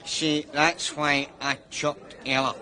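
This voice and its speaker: A Glaswegian actor playing a boastful, leering drinking pal in a sitcom, with audience laughter. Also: male voice, fairly high pitch, flat delivery, slow, bright, forceful tone, heavily acted. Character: boastful middle-aged Glasgow drinker, cocky. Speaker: sitcom character. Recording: studio audience laughter behind.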